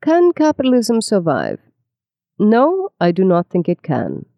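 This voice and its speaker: A narrator voicing a pompous aristocratic Austrian professor with a Viennese accent, theatrical and portentous. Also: male voice, sits high, wildly swooping pitch, unhurried, creaky, mellow, dry recording, pitched above the performer's own voice, exaggerated voice. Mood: declaiming.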